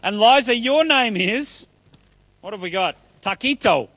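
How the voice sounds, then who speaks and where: A man with a high voice leads a church children's talk, chatty and upbeat as he pulls volunteers into a story. The sound is dry and close. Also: lively intonation, a little slow, a bit bright, dry recording. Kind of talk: children's talk with audience play.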